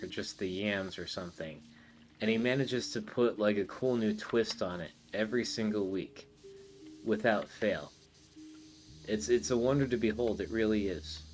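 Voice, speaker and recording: A man's voice: lowish voice, normal speed, a little mellow, slight background noise. A man hosting a podcast in casual chat, rambling and swearing with many fillers. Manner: rambling, profane, full of fillers. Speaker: podcast host.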